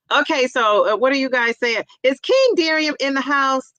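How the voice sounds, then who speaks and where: A woman's voice: high voice, unhurried, bright, forceful tone, dry recording, dull audio. A middle-aged woman hosting a casual livestream, chatty and laughing often as she greets viewers by name. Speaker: livestream host reading chat. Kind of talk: casual live chat.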